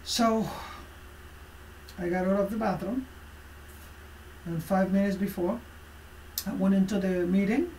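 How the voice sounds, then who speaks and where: A woman life coach telling a motivational personal story, emphatic and expressive, with frequent fillers. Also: mid-range voice, a little slow, pauses often, recorded from a distance, a little hiss or hum. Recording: roomy echo from away from the mic.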